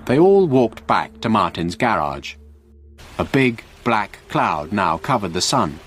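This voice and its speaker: A man narrating a graded English story for learners in a slow, clear reading voice. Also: lowish voice, very animated, fairly bright tone, a little hiss or hum.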